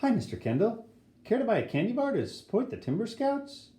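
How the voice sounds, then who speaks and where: A man voicing a brash, excitable schoolboy who talks in indignant, dramatic bursts. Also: extremely high pitch, brisk, voice pushed up. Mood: cocky. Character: brash, excitable eleven-year-old boy. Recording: roomy echo.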